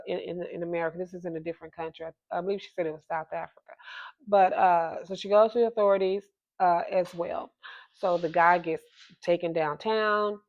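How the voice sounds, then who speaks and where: A woman's voice: fairly low pitch, a little mellow. Woman at home telling a hard story, stops and restarts a lot, kinda muffled sound. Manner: halting, emotional, many restarts. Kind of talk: personal story monologue. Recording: slightly dull lo-fi sound.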